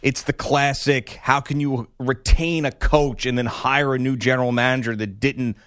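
A man's voice: mid-range voice, fairly even intonation, normal speed, a bit bright, no echo. Male sports radio co-host, wry and joking, dry close sound. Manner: wry, joking, laughs often. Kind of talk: casual sports talk.

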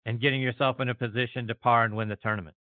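A man's voice: mid-range voice, steady tone, racing, no room sound. A male host asking conversational, leading interview questions. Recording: tinny phone line, dry.

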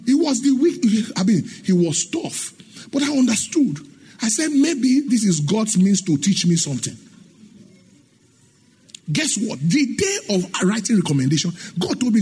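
A man's voice: high voice, sing-song, normal speed, darkish tone, a little hiss or hum. A middle-aged man preaching a sermon in an emphatic, sing-song way, asking the congregation questions and acting out the dialogue in his stories. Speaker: pastor.

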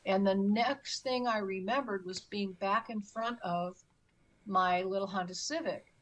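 A woman's voice: medium pitch, measured pace. A middle-aged woman telling her own story as a guest on a talk show, emphatic, acting out her pleas. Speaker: guest recounting an experience. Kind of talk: conversational storytelling.

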